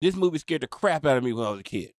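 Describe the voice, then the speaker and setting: A man's voice: fairly high pitch, rapid-fire, dry recording, clean studio sound. A man guest on a podcast in casual chat, telling stories emphatically and repeating lines for punch. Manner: animated, emphatic storyteller who repeats himself for punch.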